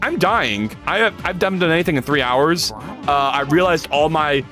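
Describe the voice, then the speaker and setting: A man streams live while he codes, joking and rambling as he answers his chat. His voice sits a little high and jumps around a lot. Soft music plays quietly behind him. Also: normal speed. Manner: animated, jokey, reads chat aloud and rambles. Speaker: livestreamer. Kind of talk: casual livestream chat while coding.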